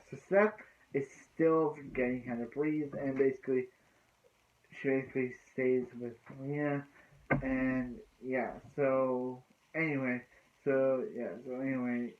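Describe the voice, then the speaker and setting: Rambling man recapping a TV episode. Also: medium pitch. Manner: rambling, many restarts and "so yeah" fillers. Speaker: TV episode reviewer. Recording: tinny phone-like lo-fi sound.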